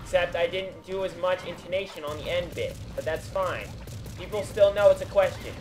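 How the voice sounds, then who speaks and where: A young man co-hosting a let's play, giving goofy, excitable commentary and bossing his partner around. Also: sits high, moderate pace. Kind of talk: casual gameplay commentary. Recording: game music underneath.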